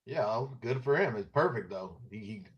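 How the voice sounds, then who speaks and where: A man from California co-hosting a casual sports podcast, teasing and animated, tossing in bro. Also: medium pitch, normal speed, dull audio. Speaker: podcast co-host.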